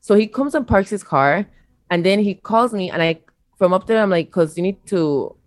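A young woman telling a story in casual podcast chat, blunt and animated, swearing freely. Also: medium pitch, normal speed, dry recording. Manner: blunt, profane, animated retelling. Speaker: podcast co-host.

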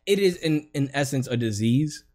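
Young man, casual chat, joking storyteller, animated pitch. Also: normal speed. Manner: loose, joking storyteller with lots of fillers. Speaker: podcast guest.

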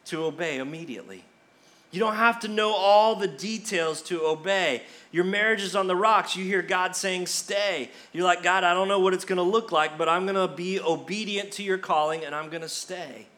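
A middle-aged man preaching a sermon to his church. His voice sits high for a man. He drives his points home by repeating key phrases with emphasis. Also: a bit bright. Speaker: pastor.

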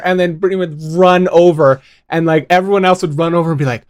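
A man in his twenties, a podcast co-host in casual chat, telling lively stories and acting out what other people said. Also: fairly high pitch, normal speed, few pauses, no room sound. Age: 20s. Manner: animated storyteller who acts out other people's voices.

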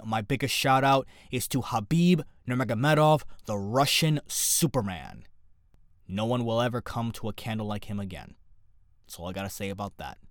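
Young male podcast host, lively and joking, dry close mic. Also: medium pitch, no room sound. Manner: animated, jokey, talks fast in bursts. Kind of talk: casual solo podcast commentary.

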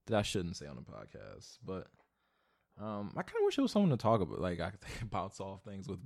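Rambling profane young man podcasting solo. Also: sits low. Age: 20s. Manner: rambling, profane, lots of "like", swings from mumbled to loud ranting. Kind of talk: casual solo podcast rant. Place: home, alone.

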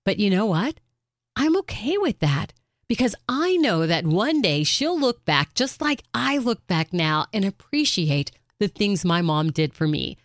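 Lively, chatty middle-aged woman host. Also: lowish voice, dry recording, clean studio sound. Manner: animated, chatty, acts out family quotes. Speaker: podcast host. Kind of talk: casual podcast monologue.

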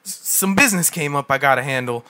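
A man playing an evasive absent father in an amateur scene reading, speaking low and offhand. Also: fast talker, sharp tone.

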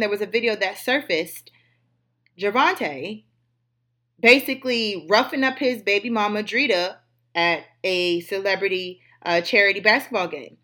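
Blunt, bright-voiced woman host. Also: mid-range voice. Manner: blunt, profane, emphatic. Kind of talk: casual gossip commentary.

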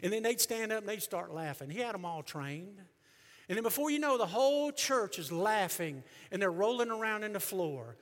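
A middle-aged male pastor preaching a sermon, emphatic, surging loud and then dropping low. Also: expressive, normal speed. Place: church sanctuary. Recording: long reverb of a church hall.

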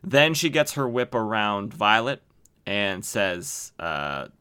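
A man's voice: fairly low pitch, sing-song, slow pace, bright, forceful tone, clear, resonant tone. A man hosting a podcast, recapping comic books in an enthusiastic, chatty way with many fillers. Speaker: podcast host. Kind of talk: casual comic book recap.

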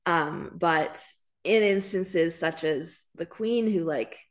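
A young woman co-hosting a podcast in casual chat, quick to agree and toss in dry jokes. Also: on the low side. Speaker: podcast co-host.

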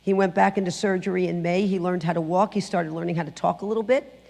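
A middle-aged woman sharing her personal testimony in church, telling the story with lively acted-out quotes. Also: lowish voice, fast, creaky, long reverb tail. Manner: animated storytelling, acting out quotes. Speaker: guest speaker giving testimony. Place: church sanctuary.

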